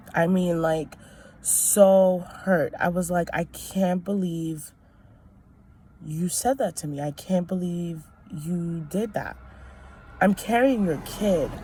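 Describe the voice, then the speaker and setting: A woman's voice: lowish voice, warm tone, a little hiss or hum. A young woman telling a personal story in a casual vlog, chatty and rambling with many fillers and restarts. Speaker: vlogger.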